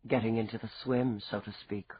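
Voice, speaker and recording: A man voicing a cool, wry, wealthy Irishman with a soft, low, amused Irish-accented voice, in a dull recording. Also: level tone, normal speed, slightly rough, no room sound.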